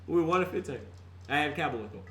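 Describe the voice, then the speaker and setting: Fired-up high-pitched male fan ranting. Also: lively intonation, very fast. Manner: fired-up, laughing, street slang, repeats for emphasis. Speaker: fan vlogger. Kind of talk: animated fan rant.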